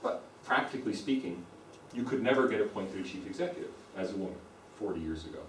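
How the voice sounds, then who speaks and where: A man's voice: fairly low pitch, animated, fast. A man with a standard American accent delivers a lecture and often circles back to drive a point home. He stands some distance from the microphone. His voice carries through a reverberant room with faint background noise. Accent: General American. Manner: explanatory, repeats points for emphasis. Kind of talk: university lecture. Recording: roomy echo, speaker away from the mic.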